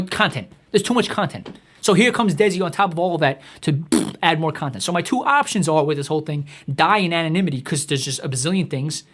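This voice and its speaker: A man delivering a profane comedic rant in a rapid, exasperated, swearing tirade. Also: a little high, a bit bright. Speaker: comedic ranter.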